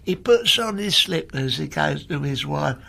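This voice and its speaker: A man's voice: on the high side, animated, measured pace, creaky, sharp tone, slightly rough. A man co-hosting a comedy podcast, riffing in improvised bits, slipping into silly voices and sung rhymes. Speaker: podcast co-host.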